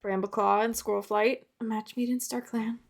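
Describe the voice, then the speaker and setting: A woman's voice: fairly high pitch, steady tone, normal speed, vocal fry. A young woman narrating a casual sketchbook tour, chatty and self-mocking, laughing at her old drawings. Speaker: art vlogger.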